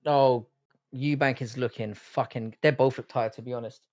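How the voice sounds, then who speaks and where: A man's voice: mid-range voice, steady tone, moderate pace, darkish tone. An Irish man hosting a live fight watch-along stream, reacting casually and profanely and reading out chat messages. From Ireland. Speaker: livestream host.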